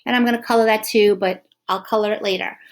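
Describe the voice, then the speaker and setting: Gentle woman teaching young kids. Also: mid-range voice, fairly even intonation. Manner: gentle, slow and encouraging, sounding out words. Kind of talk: online lesson for young children.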